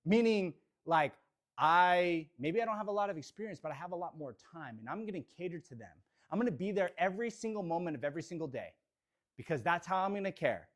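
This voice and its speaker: A man's voice: high voice, lively intonation, fast talker. A man leading a live real estate training session, speaking energetically and motivationally straight to the audience.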